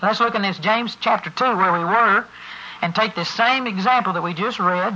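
A preacher delivers a forceful sermon, pressing each point and spelling words out letter by letter. The voice is bright and sharp-edged. The church recording sounds dull and lo-fi. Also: medium pitch, moderate pace. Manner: emphatic, spells words out for stress. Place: church service before a congregation.

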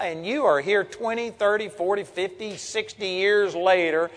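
A man's voice: high-pitched, moderate pace, hardly any pauses. Older male preacher, echoing hall. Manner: earnest, folksy preaching with Bible reading. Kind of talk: sermon.

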